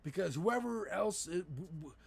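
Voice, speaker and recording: A man with a gravelly, slightly raised voice holds forth on a political talk stream. He swears casually and keeps circling back, breaking off and restarting his sentences as he goes. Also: sits high, animated, normal speed. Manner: profane, rambling, frequent restarts. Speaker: livestream co-host.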